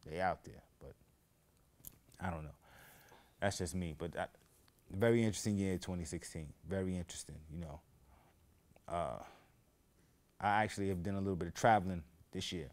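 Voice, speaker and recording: A man's voice: low-pitched, moderate pace, pauses often. A man hosting his own show, telling casual stories and drifting off on tangents, livening up whenever he quotes people. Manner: rambling, goes off on tangents; animated, raises voice when quoting others. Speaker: podcast host. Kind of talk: casual storytelling monologue.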